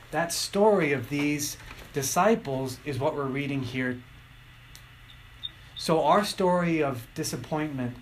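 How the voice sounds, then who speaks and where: A middle-aged man preaching a sermon, telling stories and acting out quotes with lively shifts. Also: on the high side, a little hiss or hum, poor audio. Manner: animated storytelling, acting out quotes.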